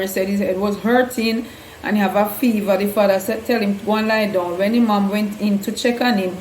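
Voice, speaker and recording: A woman hosts a Bible storytelling segment, recounting the stories earnestly in loose, non-standard grammar. Her mid-range voice is a little mellow, and the echoey room carries a faint hum.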